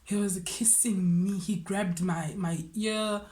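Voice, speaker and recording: Young woman, Xhosa South African accent, casual storytime vlogger, animated. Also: medium pitch, slow pace. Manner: switches between English and Xhosa, animated retelling. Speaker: vlogger telling a personal story.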